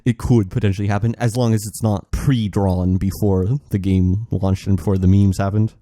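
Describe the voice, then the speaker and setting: A man's voice: fairly low pitch, steady tone, normal speed, warm tone. A man co-hosting a casual podcast while drawing, rambling and laughing often. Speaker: podcast co-host.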